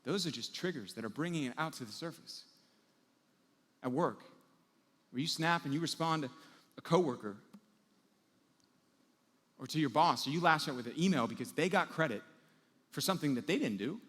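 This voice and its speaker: A man preaching a sermon as pastor, telling everyday scenes with lively acted-out moments. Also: medium pitch, long reverb tail. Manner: animated storytelling, acting out everyday scenes.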